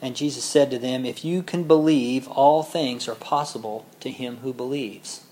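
A man preaching a sermon, reading scripture slowly and building to loud, emotional peaks before dropping back to a quiet, measured tone. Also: mid-range voice, slight background noise.

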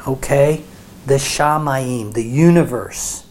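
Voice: medium pitch, takes it slowly, darkish tone, a little hiss or hum. A Bible teacher giving a sermon, often checking in with listeners and restarting phrases as they explain. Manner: frequent check-ins with listeners.

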